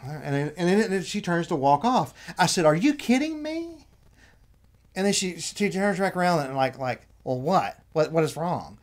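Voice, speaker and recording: A man telling an anecdote in casual chat, annoyed, animated, acting out what people said. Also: a little high, moderate pace, hardly any pauses. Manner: animated retelling, acts out quotes.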